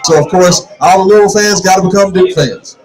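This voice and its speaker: A middle-aged man hosting a casual sports talk show in a bar, animated and opinionated, repeating words when fired up. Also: high voice, brisk. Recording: live in a noisy bar crowd. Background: bar crowd chatter.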